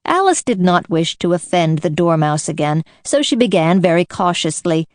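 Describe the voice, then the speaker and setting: A woman's voice: lowish voice, big pitch swings, moderate pace, hardly any pauses, no room sound, studio quality. Woman reading a storybook aloud. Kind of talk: storybook narration.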